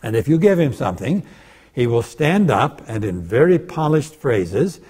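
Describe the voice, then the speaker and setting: A man's voice: on the high side, dark tone, husky. An older man giving a bible lecture as a guest speaker, telling the story with animation and acting out the voices of the people in it.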